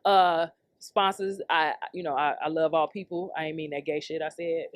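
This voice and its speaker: A woman's voice: deep voice, fairly even intonation, moderate pace, no echo, studio quality. A young adult woman hosting a podcast, delivering a heated, profanity-packed comedic rant with frequent laughter. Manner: brash, heated, swears constantly, laughs often. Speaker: podcast host.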